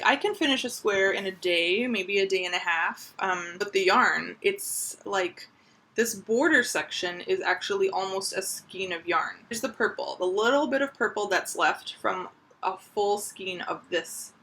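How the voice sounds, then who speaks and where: Woman, crochet vlogger, breathy, upbeat, chatty show-and-tell. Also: mid-range voice, lively intonation, normal speed, sharp tone. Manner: chatty, upbeat, lots of fillers.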